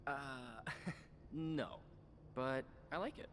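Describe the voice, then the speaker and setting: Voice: mid-range voice, extremely slow, a bit bright, a little hiss or hum. An actor voicing a bookish, thoughtful young game companion who talks with hesitant musing. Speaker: game character Nocturne. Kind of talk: video game voice acting.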